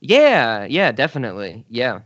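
A man's voice: medium pitch, wildly swooping pitch, a little slow, fairly bright tone, no room sound, muffled recording. A man co-hosting a casual film podcast in an easygoing, agreeable way. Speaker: podcast co-host.

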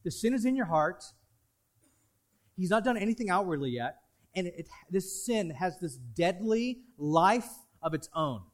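High-voiced preacher with dramatic swings. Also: male voice, very animated, unhurried. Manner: dynamic preaching, swinging between loud emphasis and hushed asides. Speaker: pastor. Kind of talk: sermon.

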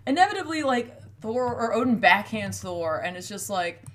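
A woman's voice: medium pitch, very animated, moderate pace, a bit bright. A woman in casual chat, animatedly retelling a book's plot and acting out the characters' lines. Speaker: podcast co-host retelling a book.

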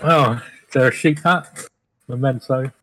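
A man's voice: medium pitch, a little slow, pushed and bright, no room sound, rough recording. A man playing a tabletop game, hesitant and often unsure. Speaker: player. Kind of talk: casual chat at a tabletop game.

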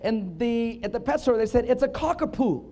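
A middle-aged man preaching a sermon, telling funny stories with punchlines and building up to emphatic shouts. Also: very high-pitched, expressive, moderate pace. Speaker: pastor.

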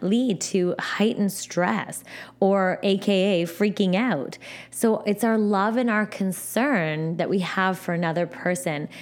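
A woman hosting a podcast alone, talking in a gentle, encouraging way and often repeating her phrases. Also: fairly low pitch. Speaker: podcast host. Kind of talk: supportive solo podcast talk.

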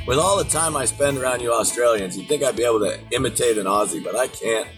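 A man's voice: mid-range voice, quick pace, distant mic, music in the background. A man hosting his own daily podcast, chatting casually and ranting with plenty of swearing. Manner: profane, rambling rant. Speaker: podcast host. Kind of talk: casual solo podcast talk.

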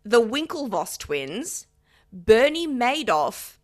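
A woman's voice: fairly high pitch, big pitch swings, takes it slowly. A woman co-hosting a podcast, explaining a story in a playful, self-mocking way. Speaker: podcast co-host. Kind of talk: casual chat, explaining a story.

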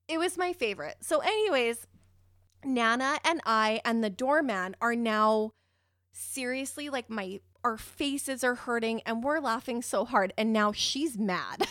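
A woman telling a personal story in a casual, animated way, giggly and swearing freely. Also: high voice, unhurried, no room sound, clean studio sound.

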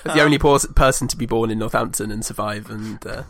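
A man co-hosting a casual film chat, making deadpan, dry jokes. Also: lowish voice, fast talker, vocal fry, no echo. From England. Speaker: podcast co-host.

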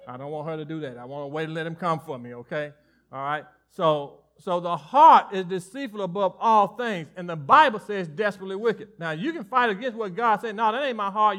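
A man preaching a sermon as pastor, animated and folksy, often dropping to soft asides and joking with the congregation. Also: sits high.

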